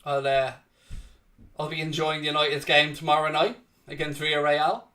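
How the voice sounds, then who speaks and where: A man hosts a live football watchalong, swearing freely as he urges his side on and mocks rival fans. His voice is high and bright, with a sharp edge. The mic sits some way off. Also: normal speed, far from the mic. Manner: swearing, excitable, cheering on his team and winding up rivals. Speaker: host of a football fan watchalong. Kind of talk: live reactive match commentary, casual banter.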